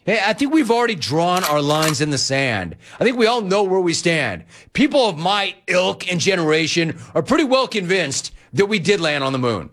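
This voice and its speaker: A man hosting sports talk radio, ranting in an animated way and mimicking other people as he talks. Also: high-pitched, moderate pace, hardly any pauses. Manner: animated, ranting, quoting others in mock voices.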